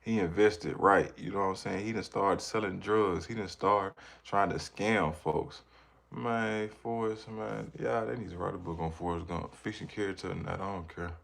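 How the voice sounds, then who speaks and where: Deep gravelly-voiced man chatting. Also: normal speed, fairly bright tone. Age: adult with children. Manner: rambling, chatty, reacts to viewers' comments. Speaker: livestreamer reading chat. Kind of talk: casual live chat.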